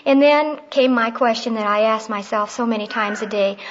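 A woman's voice: a little high, moderate pace, lo-fi sound. A middle-aged woman teaching on prayer in a conversational, heartfelt way, telling personal stories.

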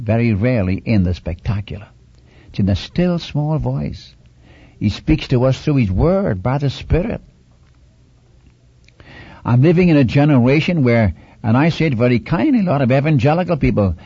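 A man's voice: mid-range voice, dark tone, husky, no room sound. A man preaching a sermon, earnest and pleading, retelling scripture dramatically and repeating his key points. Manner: dramatic retelling of scripture, rising on big images. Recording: dull lo-fi recording.

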